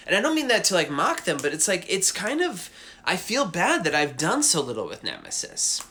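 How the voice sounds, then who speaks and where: Chatty, fairly high-voiced man. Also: wildly swooping pitch, brisk, bright, forceful tone. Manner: rambling, enthusiastic, lots of asides. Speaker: cartoonist hosting a live drawing stream. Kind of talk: casual livestream chat. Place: at home.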